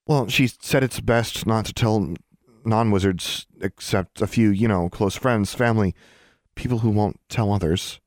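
A man voicing an earnest, flustered eleven-year-old girl in an audiobook, pitching his voice up and pleading. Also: measured pace, no echo, studio quality, lightly acted. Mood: hesitant.

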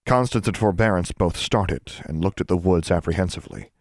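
A man reading fiction aloud as an audiobook narrator, steady and measured. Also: low voice, dry recording, studio quality. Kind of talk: scripted narration.

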